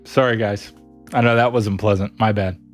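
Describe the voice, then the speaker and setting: Reading out viewer messages on his stream, a young adult man chats casually, laughing a lot and staying animated and giggly. He speaks in a lowish voice at a moderate pace, with faint music behind him.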